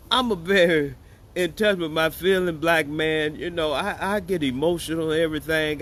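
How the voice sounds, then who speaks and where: Speaking in a fairly high voice with slight background noise, a man hosts laid-back political commentary. He jokes, leans on sarcasm and chats directly with viewers he addresses as y'all.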